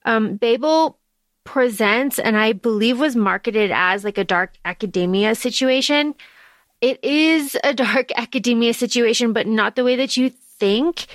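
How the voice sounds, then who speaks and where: A woman co-hosting a podcast in casual chat, speaking in a thoughtful, halting way with pauses. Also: a little high, fairly bright tone, no echo. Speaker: podcast co-host.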